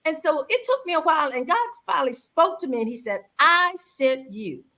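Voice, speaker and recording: A woman in her sixties speaks with a bright, somewhat high voice and an animated storyteller's delivery. She tells her story conversationally and slips into the voices of the people she quotes. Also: normal speed. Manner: animated, acts out quoted dialogue with her own voice. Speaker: guest speaker on faith and mother-daughter bonding.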